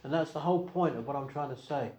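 A man preaching an evangelistic sermon, asking rhetorical questions and swinging between quiet asides and raised emphasis. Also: a little high, fast talker, a little hiss or hum. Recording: echoey hall.

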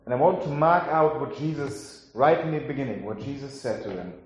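A man preaching, reading scripture aloud and then giving a sermon in a slow, solemn way. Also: medium pitch, slight background noise. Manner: slow, solemn delivery with drawn-out phrases. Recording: very echoey hall.

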